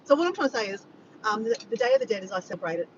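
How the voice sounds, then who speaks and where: A woman's voice: big pitch swings, very fast. A woman with an Australian accent chatting casually on a livestream, rambling and reading out comments from her viewers. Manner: rambling, reads out the chat and greets viewers by name. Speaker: vlogger hosting a livestream. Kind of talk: casual live chat with viewers. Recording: dull distant mic with vehicle rumble.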